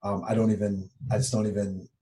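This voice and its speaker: A man's voice: on the low side, level tone, brisk, warm tone. A man co-hosting a podcast, speaking earnestly and reflectively, with frequent fillers. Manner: earnest and self-examining, with fillers. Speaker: podcast co-host. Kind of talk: reflective conversational podcast talk.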